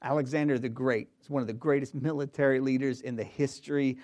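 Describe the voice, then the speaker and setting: Guy preaching a sermon, emphatic, goes quiet then loud, repeats lines. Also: mid-range voice, fairly even intonation, fast. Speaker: pastor.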